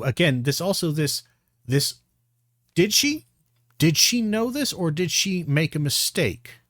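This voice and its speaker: A man's voice: a little high, sing-song, a little slow, fairly bright tone, dry recording, studio quality. A man giving blunt, profane reaction commentary, exasperated and full of restarts. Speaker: commentary streamer.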